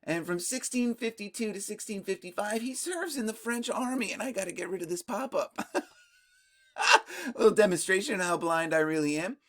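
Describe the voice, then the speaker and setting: A history video host talking through colonial history in a casual explainer style, tagging sentences with "right?" and often laughing. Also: fairly quick. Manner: excitable, jumps up in pitch when amused.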